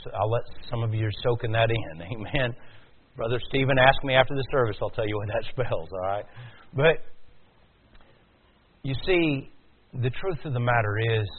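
Male preacher, mid-pitched, builds from hushed to loud emphasis; thin, narrow sound. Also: a little hiss or hum. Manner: swings from quiet to loud, rising emphatic. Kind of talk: sermon. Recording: tinny phone-like sound.

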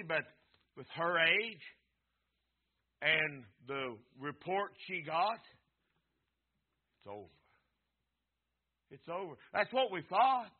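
A man preaching a sermon as pastor, rising to loud cries and dropping to quiet asides, repeating his phrases. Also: sits high. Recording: tinny phone-like sound.

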